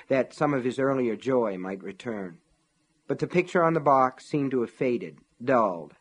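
A man narrating an audiobook in a measured, steady storytelling voice. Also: mid-range voice, husky.

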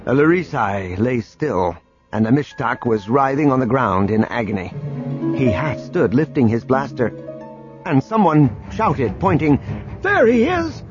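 A man narrates an audiobook with a lively, rising and falling delivery. His reading is dramatic and expressive. Music runs under a dull, lo-fi recording. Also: mid-range voice, unhurried. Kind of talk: scripted narration.

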